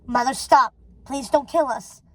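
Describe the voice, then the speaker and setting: A woman voicing a desperate young witch daughter who pleads and shouts urgently, reading a storybook aloud. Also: high voice, a little slow.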